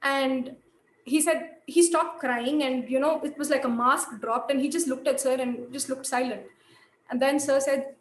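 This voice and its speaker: A woman's voice: high-pitched, steady tone, normal speed, reverberant, rough recording. A woman giving a lecture, telling a case story thoughtfully with many fillers and restarts.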